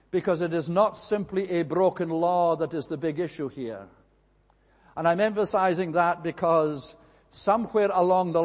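A man preaching a sermon in a slow, measured way, stressing his points through repetition. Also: on the high side, darkish tone, in a large hall.

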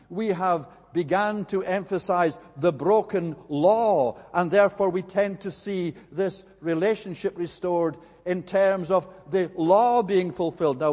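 A man delivers a sermon with slow, deliberate phrasing and emphatic repetition. His voice sits slightly high for a man. It rings out with a long reverb from the church hall around him. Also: a little mellow. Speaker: preacher.

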